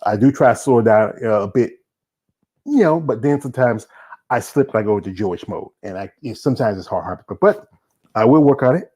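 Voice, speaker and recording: A man from the American South with a Southern accent, hosting a casual show and talking fast with lots of fillers and restarts. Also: fairly low pitch, expressive, darkish tone, breathy edge. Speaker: show host. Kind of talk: casual solo show wrap-up.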